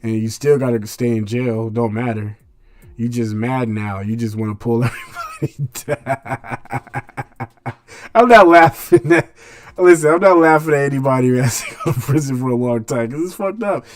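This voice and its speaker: A man's voice: mid-range voice, lively intonation, normal speed, no room sound, clean studio sound. A man hosting a radio show, delivering a blunt casual monologue in street slang full of rhetorical questions.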